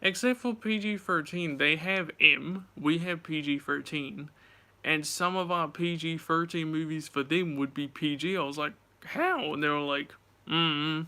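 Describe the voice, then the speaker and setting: Young male vlogger, casual storytelling, fairly high, bright and clear voice. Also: steady tone, normal speed. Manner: chatty, swears, retells dialogue animatedly.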